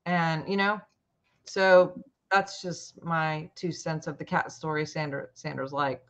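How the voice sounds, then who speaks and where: A woman casually telling a long personal story in a chatty, animated way, acting out what people said. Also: deep voice, slow pace. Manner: chatty, animated retelling with quoted voices. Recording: muffled lo-fi audio.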